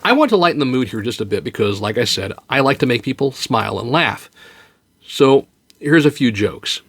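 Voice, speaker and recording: A man's voice: mid-range voice, animated, normal speed, a bit bright. A man hosting a podcast, giving an earnest, comforting monologue that turns to light joke telling. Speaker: podcast host. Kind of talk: heartfelt encouraging monologue.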